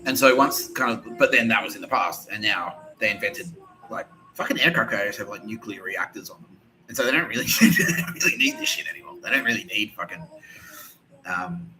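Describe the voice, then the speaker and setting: A man's voice: on the low side, lively intonation, a little fast, sharp tone, a little hiss or hum, rough recording. A man hosting a podcast in a profane, rambling comedic rant, full of restarts. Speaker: podcast host. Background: music.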